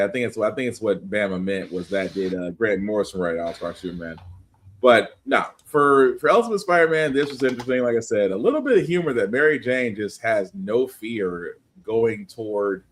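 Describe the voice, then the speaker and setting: A man's voice: on the low side, normal speed. A man co-hosting a podcast, chatting casually with rambling restarts. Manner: lively, laughing asides, rambling restarts. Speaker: podcast co-host. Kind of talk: casual chat.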